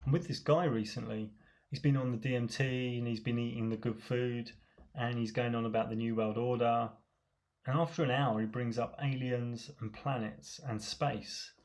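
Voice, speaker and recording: A man with a mid-pitched voice delivers a comic rant monologue, dripping with sarcasm. He mocks and scoffs as he goes, with a casual, matey delivery. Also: fairly even intonation, normal speed, darkish tone. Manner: sarcastic, mocking.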